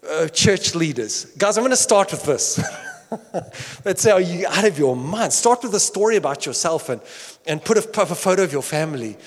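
A man preaching a sermon as pastor, animated and playful, acting out quoted voices with bursts of laughter and shouting. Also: on the high side, big-room sound.

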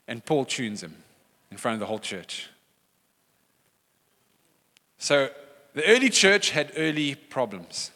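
A man's voice: mid-range voice, big pitch swings, slow pace, long pauses, bright, forceful tone. A man, a pastor, preaching a sermon in a church hall and acting out quoted voices with animation.

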